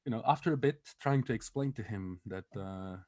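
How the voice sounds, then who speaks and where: A man's voice: lowish voice, fairly quick, darkish tone, no echo, studio quality. A young man co-hosting a podcast, telling a story in a casual, comedic way, swearing a lot, laughing often and acting out the lines of the people in it. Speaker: podcast co-host.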